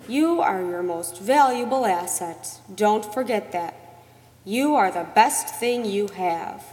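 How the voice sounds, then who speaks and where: A woman's voice: mid-range voice, expressive, takes it slowly, darkish tone. A woman voicing a firm male teacher delivering a motivating pep talk. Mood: insistent. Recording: long reverb.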